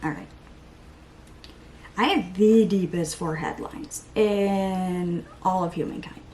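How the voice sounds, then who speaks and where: Doing her makeup for a casual get-ready-with-me vlog, a woman with a medium-pitched voice chats and rambles to her viewers, making fun of herself, laughing and trying out playful voices. A little hiss or hum sits in the audio.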